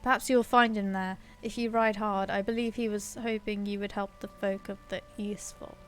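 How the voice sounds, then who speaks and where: A woman reading aloud the lines of a helpful townsperson in a fantasy game, in a brisk, friendly way. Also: medium pitch, little pitch movement, a little hiss or hum, lightly acted.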